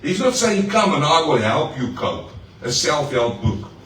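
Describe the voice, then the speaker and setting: A pastor preaching to his congregation, lively and personal, with playful asides and questions to the room. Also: fairly high pitch, a little slow, a little hiss or hum. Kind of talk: sermon. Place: church hall. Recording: echoey hall, mic far off.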